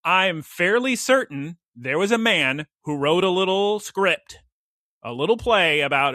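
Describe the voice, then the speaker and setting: A man hosting a casual podcast chat, his voice swinging lively up and down as he jokes through a story. The tone is bright and a little high for a man. The sound is close and dry. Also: unhurried, no echo. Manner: animated, jokey storytelling with playful asides. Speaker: podcast host.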